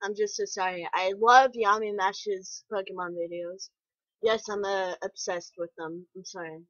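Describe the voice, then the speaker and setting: A woman hosting a reaction video, talking in an excitable, apologetic way and exclaiming often. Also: mid-range voice, normal speed, no echo. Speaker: video host. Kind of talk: reaction commentary. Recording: dull lo-fi home recording.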